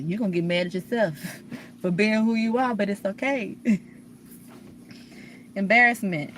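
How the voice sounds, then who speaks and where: Profane, preachy woman vlogger with a low voice. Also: slight background noise. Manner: blunt, profane, preachy, rambling with restarts. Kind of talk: candid confessional monologue.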